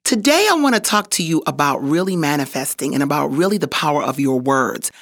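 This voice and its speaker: Upbeat, encouraging female podcast host with a lively, swooping voice, recorded dry. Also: deep voice, brisk, dry recording. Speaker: voiceover artist. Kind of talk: motivational podcast talk.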